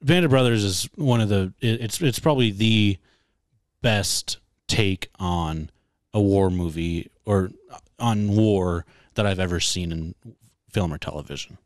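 A man's voice: deep voice, a little slow, no room sound, clean studio sound. A man casually discussing a war film, opinionated and teasing. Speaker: podcast co-host.

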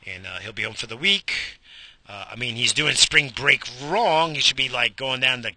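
A middle-aged man hosts an internet radio show, rambling alone in a goofy, profane, self-mocking monologue. His medium-pitched voice is bright and forceful, moving at a moderate pace, and the recording is dry.

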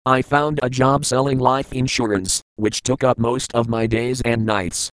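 A man reads an audiobook in the first person, measured and reflective. His voice is smooth and resonant, at a middle pitch. The recording is close and dry. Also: fairly even intonation, no room sound, poor audio. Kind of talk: audiobook narration.

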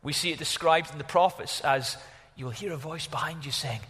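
A man preaching a sermon as pastor, animated, exclaiming at times and dropping to a hush at others. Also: on the high side, brisk, in a large hall. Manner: animated, exclaiming, varies from loud to hushed.

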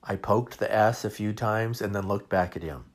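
Husky low-voiced man telling a funny story. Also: moderate pace. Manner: wry, self-mocking. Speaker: podcast host. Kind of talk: humorous storytelling.

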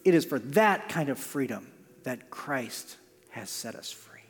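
A middle-aged male pastor preaching a sermon, shifting from loud emphasis to hushed near-whispers. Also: medium pitch, expressive, unhurried, breathy edge, faint music behind. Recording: long hall reverb.

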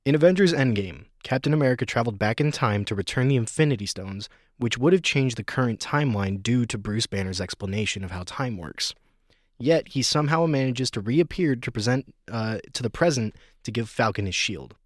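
A man's voice: medium pitch, lively intonation, a little fast, no room sound, studio quality. A young man hosting a casual chat podcast, swearing freely and joking loosely with friends.

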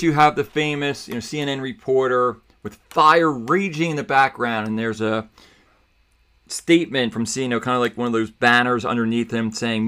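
A man's voice: medium pitch, normal speed, a bit bright. A man from the New York City suburbs hosting a podcast, giving emphatic, argumentative opinion commentary. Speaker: podcast host.

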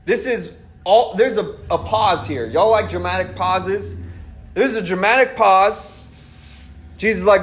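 A man preaching a casual, animated sermon, laughing and acting out the people he quotes. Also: high-pitched, unhurried.

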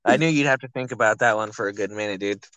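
A man's voice: on the low side, fast, fairly bright tone, clear, resonant tone, dry recording, poor audio. Laid-back young man bantering, says dude. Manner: laughing, swearing, says dude a lot. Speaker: podcast co-host. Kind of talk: casual podcast banter.

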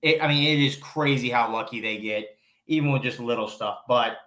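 A man's voice: medium pitch, moderate pace, bright, forceful tone. A man co-hosting a podcast in casual chat, agreeable and a bit rambling. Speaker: podcast co-host. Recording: echoey room.

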